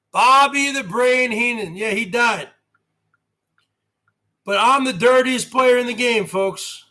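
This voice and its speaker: A man's voice: extremely high pitch, slow, long pauses, sharp tone. A man hosting his own live stream, rambling and boasting in a wrestling-promo style and firing off rhetorical questions at his viewers.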